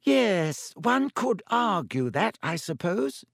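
A man's voice: sits high, big pitch swings, vocal fry, a bit bright, dry recording, pitched above the performer's own voice, heavily acted. A man playing a dry, wheezy old ghost professor. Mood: hesitant. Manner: slow, halting, lecturing drone. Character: ancient shriveled ghost professor, droning and pedantic.

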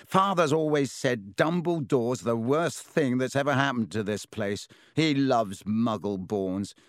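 A man's voice: mid-range voice, unhurried, no echo, clean studio sound, lightly acted. A man reading a story aloud and voicing a sneering, spoiled schoolboy wizard with a drawling, scornful manner.

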